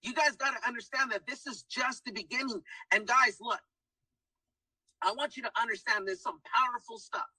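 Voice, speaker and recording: A man's voice: very high-pitched, moderate pace, bright, forceful tone, husky, dry recording, far from the mic, poor audio. A man giving an emphatic motivational testimonial, keeps saying guys and hyping people up. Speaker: testimonial speaker. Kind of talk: motivational pitch.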